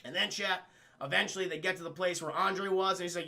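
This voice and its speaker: A man's voice: high-pitched, fairly even intonation, fast, gravelly, pushed and bright. A young man retelling a film to his livestream chat in a rambling way, swearing and often calling out to chat. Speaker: film review streamer. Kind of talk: casual livestream film recap.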